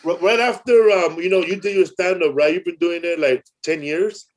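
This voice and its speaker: Slangy male podcast host, higher pitch. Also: moderate pace. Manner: loose, rambling, slangy with "bro" and "man". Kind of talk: casual storytelling chat.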